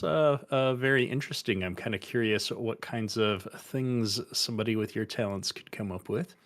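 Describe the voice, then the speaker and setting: A man's voice: fairly low pitch, normal speed, hardly any pauses, fairly bright tone. A man playing a tabletop game, speaking in character with hesitant, stammering restarts. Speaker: player. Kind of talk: in-character tabletop role-play.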